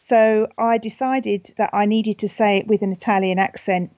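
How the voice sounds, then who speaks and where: A woman with a British accent, a funeral celebrant, talking in a gentle, thoughtful way with frequent ums and restarts in a podcast interview. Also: medium pitch, fairly even intonation, moderate pace, no echo, dull audio.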